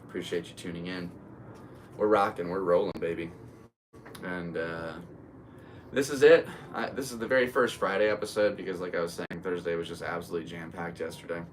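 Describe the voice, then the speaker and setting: Low-voiced American man rambling casually. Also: steady tone, a little fast, far from the mic, a little hiss or hum. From United States. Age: 30s. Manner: rambling, easygoing, talks to viewers. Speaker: podcast host and stand-up comedian. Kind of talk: casual solo livestream chat.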